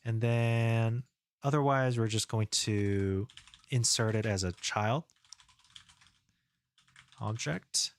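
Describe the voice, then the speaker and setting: Low-voiced man thinking aloud. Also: slow, pauses often, clean tone. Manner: thinks aloud, relaxed and rambling. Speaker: game developer streamer. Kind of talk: casual live-coding stream.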